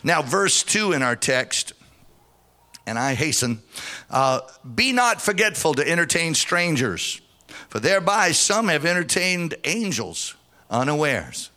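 A man's voice: a little high, sing-song, unhurried, pushed and bright. A middle-aged man preaching a sermon as pastor, fervent and sing-song, calling out to the congregation.

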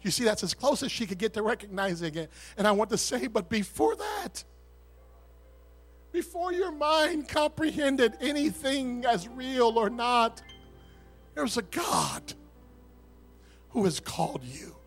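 A man pastor preaching a sermon with an altar call, swinging between shouted fervor and hushed, intimate words. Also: very high-pitched, animated, unhurried, pauses often, soft background music.

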